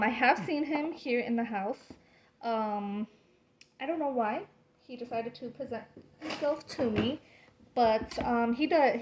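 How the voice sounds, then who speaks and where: A woman's voice: a little high, low-quality recording. A young woman vlogger telling a personal ghost story in a casual, rambling way, full of "like" fillers and swearing. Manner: animated, rambling, lots of "like" fillers, swears freely.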